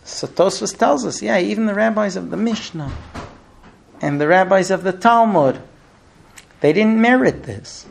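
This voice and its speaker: Lively, animated rabbi teaching Talmud. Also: male voice, sits high, unhurried, gravelly, slight background noise. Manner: animated, acts out dialogues. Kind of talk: Talmud class lecture.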